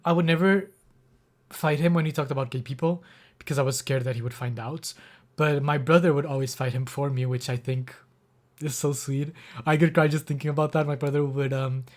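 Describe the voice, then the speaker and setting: Speaking a little quickly in a steady, mid-range voice, a young man tells a personal story on a livestream. His account rambles with frequent fillers and false starts, and he sounds close to crying.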